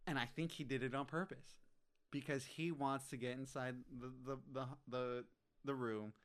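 A man's voice: mid-range voice, steady tone, moderate pace, smooth. Laid-back man chatting about a movie. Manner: laid-back, swears casually, theorizes about characters. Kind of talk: casual movie discussion.

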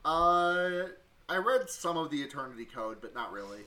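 A podcast co-host discussing a film rambles casually, often restarting his sentences and swearing plenty. His voice is on the high side, expressive and sharp in tone, at a moderate pace.

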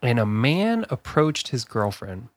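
A man's voice: medium pitch, no echo. A man co-hosts a casual podcast, spinning a story at an easy pace with plenty of fillers and chuckles. His voice sits in a middle register and sounds close and dry, with no room around it. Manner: relaxed storyteller, laughs often, halting with fillers. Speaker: podcast co-host.

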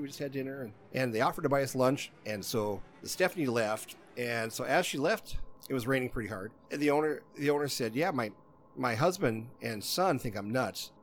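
A man spins a long, rambling story in easy conversation. He keeps slipping into quoting other people, and his voice sits at an ordinary middle pitch. A faint hiss of noise runs under the recording. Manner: rambling, repeats "she goes" while quoting others. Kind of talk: casual chat, telling a long story.

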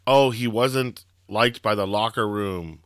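A man's voice: lowish voice, slow pace, dry recording, clean studio sound. A man co-hosting a podcast, chatting casually and telling rambling stories with lots of fillers and swearing. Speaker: podcast co-host. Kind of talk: casual chat.

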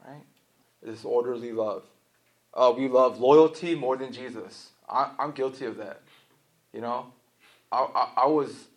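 Delivering a sermon at medium pitch, this pastor keeps things conversational with his congregation, tossing in frequent "right?" asides and brief bursts of laughter.

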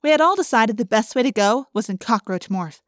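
A woman narrating a first-person audiobook in a lively, expressive way, speeding up in excited passages. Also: a little high, brisk, dry recording, studio quality.

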